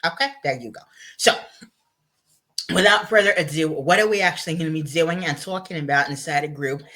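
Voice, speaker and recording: A man hosting a motivational vlog, talking in an excited, playful and chatty way, a little giddy and emotional. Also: on the high side, fairly quick. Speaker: motivational video host. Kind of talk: upbeat motivational vlog talk.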